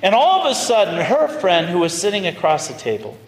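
Priest preaching in an echoing hall. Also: male voice, high voice, brisk. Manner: animated, conversational storytelling. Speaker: pastor. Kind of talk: storytelling sermon. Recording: roomy hall reverb, faint noise.

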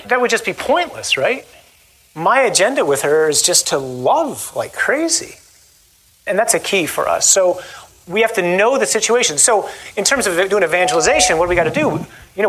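A man, a Catholic priest, giving a lively talk and then leading a closing prayer, often acting out the voices he quotes. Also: high voice, low-quality recording. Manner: animated, acts out voices in quotes.

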